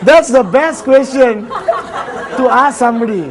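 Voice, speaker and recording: A high-voiced man with a Malaysian English accent speaks to a live audience as a motivational speaker. He jokes, laughs easily and acts out little dialogues between people. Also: expressive, slow pace, crowd noise. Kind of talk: seminar talk to a live audience.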